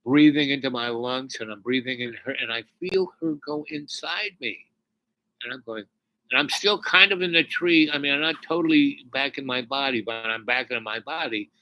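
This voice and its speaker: A man telling a personal spiritual story in a rambling, halting way, with many restarts, dropping to near whispers when moved. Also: mid-range voice, pushed and bright, rough recording. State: tearful near the end.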